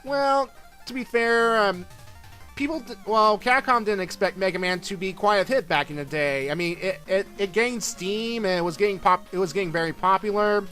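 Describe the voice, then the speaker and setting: A man's voice: high voice, moderate pace, bright, forceful tone, faint music behind. A man giving casual, rambling commentary over a video game playthrough, full of fillers and restarts. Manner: rambling, lots of fillers and self-corrections. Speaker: let's play commentator.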